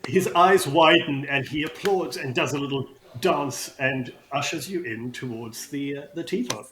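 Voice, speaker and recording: A man's voice: medium pitch, normal speed, crowd noise. Game master man in an echoey room. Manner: descriptive, with frequent ums. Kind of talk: narrating a tabletop game.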